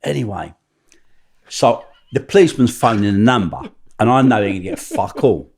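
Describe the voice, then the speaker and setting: A middle-aged man, a podcast guest telling animated stories full of swearing. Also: fairly low pitch, normal speed, creaky, breathy edge. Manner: animated, swearing, acts out other people's voices. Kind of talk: storytelling anecdote.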